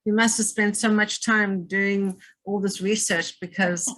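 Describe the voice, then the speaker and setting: A woman's voice: mid-range voice, fairly even intonation, unhurried, a bit bright, poor audio. A woman from South Africa, a guest speaker, thanking her hosts graciously and telling the story of her childhood, over a video call. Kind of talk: storytelling in a presentation.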